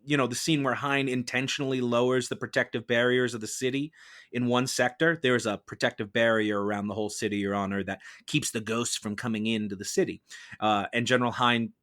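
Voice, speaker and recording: A man acting as prosecutor in a mock trial on a podcast, arguing a prepared case in a measured, formal courtroom manner. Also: medium pitch, steady tone, a bit bright. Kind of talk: prepared argumentative case delivered to a judge.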